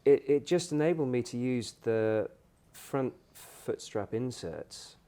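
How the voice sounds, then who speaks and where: Guy guesting on a podcast, animated storyteller, does the voices when he quotes people. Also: slow pace. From United Kingdom. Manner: animated storyteller, acts out quoted exchanges with jumps in pitch. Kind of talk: casual podcast interview.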